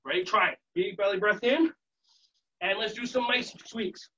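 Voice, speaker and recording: An upbeat man with a high, husky voice leads a live online yoga warm-up for teachers. He coaches with playful, encouraging cues. The stream audio is muffled and lo-fi. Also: moderate pace. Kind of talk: live virtual workshop instruction. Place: home setting.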